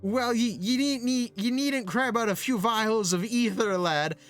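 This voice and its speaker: A man plays a ranting, greedy merchant from a game, all bluster and folksy "ye" and "lad". The voice sits high and gets loud, with faint music playing underneath. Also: measured pace. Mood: gruff. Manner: indignant, folksy "ye" and "lad" put on. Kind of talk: reading game quest dialogue aloud.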